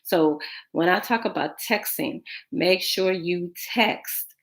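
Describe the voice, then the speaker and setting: A woman's voice: on the low side, slow. A woman dating coach hosting a podcast, giving casual advice and acting out text exchanges in quoted voices. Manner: animated, acts out texts in quoted voices.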